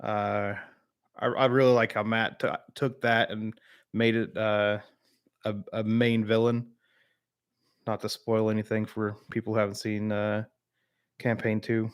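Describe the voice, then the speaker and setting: A man's voice: on the low side, level tone, a little slow, long pauses, clean tone. Rambling man from the American South. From Southern United States. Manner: rambling, filler-heavy, replies to chat by name. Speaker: streamer hosting a live chat. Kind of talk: casual live-stream chat.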